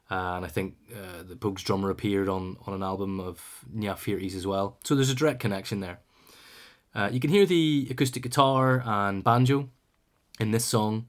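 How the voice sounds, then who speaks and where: A man's voice: on the low side, normal speed. A man hosting a music radio show, talking casually about bands with frequent ums and uhs.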